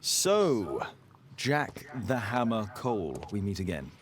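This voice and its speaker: Cool, arrogant gentleman detective for a game; posh English accent, clipped and aloof, very melodic delivery. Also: on the low side, sing-song, slow. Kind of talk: video game voice acting.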